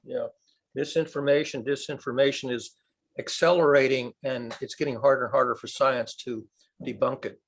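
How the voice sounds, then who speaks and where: A man's voice: medium pitch, fairly even intonation, normal speed, slightly rough. A man speaking thoughtfully in a casual group video call. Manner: agreeable, thoughtful. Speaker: discussion group member.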